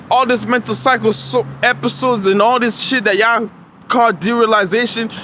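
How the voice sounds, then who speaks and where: A man's voice: sits high, fairly bright tone, slight background noise, low-quality recording. A man rambling through a profane, repetitive monologue into his phone outdoors. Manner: profane, rambling, repeats himself.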